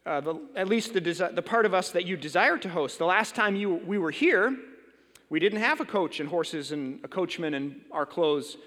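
A wise old rabbi with a gently ironic, quick way of talking, as a pastor puts him on in a sermon. His voice is fairly high and rings out in a big, reverberant hall. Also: lively intonation. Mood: wry.

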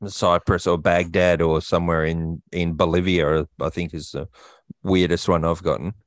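Deep-voiced Australian man, casual storyteller. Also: little pitch movement, normal speed, no room sound, studio quality. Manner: rambling storyteller, frequent fillers. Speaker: podcast co-host. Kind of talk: casual chat.

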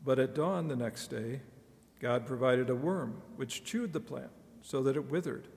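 A man reading scripture aloud to a church congregation, measured and expressive in the quoted speech. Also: medium pitch, creaky. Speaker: scripture reader. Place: church sanctuary. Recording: reverberant church hall.

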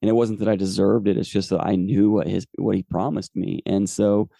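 A man's voice: lowish voice, little pitch movement, a little fast, gravelly, dark tone, no room sound, studio quality. A man in his forties, a podcast host telling a personal faith testimony in an earnest, rambling way with many fillers. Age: 40s.

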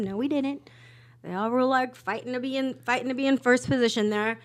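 A young adult woman, a podcast guest, telling a story in casual chat, animated and swearing freely as she acts out quotes. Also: on the high side, fast.

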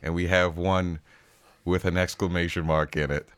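A man co-hosting a film podcast in casual chat, with a laid-back, drawn-out delivery. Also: low-pitched, level tone, fairly bright tone, clean tone. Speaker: podcast co-host.

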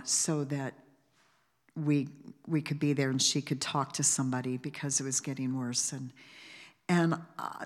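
A woman gives a heartfelt memorial tribute in a lowish voice. She talks in a halting, rambling way, with many restarts and fillers. The sound carries the long reverb of a large hall. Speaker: family member giving a eulogy.

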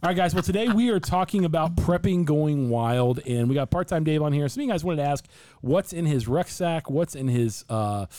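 A man's voice: a little high, brisk, darkish tone, no echo. A man hosting a casual podcast from a studio, joking and tripping over his words as he introduces the show. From family from Kentucky. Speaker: podcast host.

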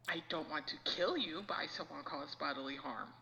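A woman guest on a casual podcast, with deadpan, mock-menacing banter. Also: sits low, moderate pace, vocal fry, in a large hall, highs cut off.

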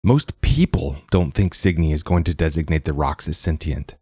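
A man voicing a frightened adult daughter who pleads with her mother, raising his voice higher for her. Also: lively intonation, normal speed, warm tone, husky, no room sound, full character voice. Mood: pressing. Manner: pleading, fearful.

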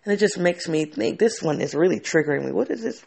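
Man, gravelly, fairly high voice, candid reflective storytelling, restarts sentences. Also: lively intonation, fast, darkish tone. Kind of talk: personal storytelling monologue.

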